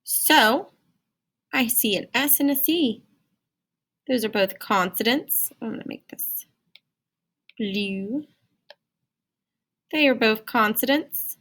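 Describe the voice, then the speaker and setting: A woman's voice: fairly high pitch, expressive, slow pace, long pauses, a bit bright. A woman teaching a phonics lesson to children in a singsong, encouraging way. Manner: singsong, encouraging, talks to young learners.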